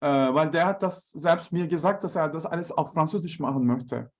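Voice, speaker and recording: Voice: medium pitch, brisk, a little mellow. Hesitant speaker switching between German and English. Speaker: conference participant. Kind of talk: unscripted chat on a video call.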